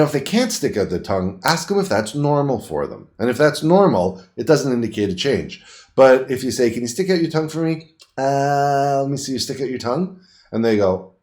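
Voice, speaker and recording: A middle-aged man, a paramedic instructor, talking through a clinical exam in plain words and showing each step himself. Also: medium pitch. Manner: lively, plain-spoken teaching with quick demonstrations. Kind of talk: demonstrating a clinical exam on camera.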